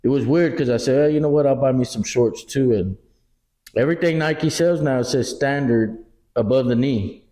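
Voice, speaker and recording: A middle-aged Texan man co-hosting a podcast, telling animated stories in casual chat, acting out quotes and swearing freely. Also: medium pitch, moderate pace. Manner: animated storyteller, acts out quotes, swears a lot. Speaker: podcast co-host.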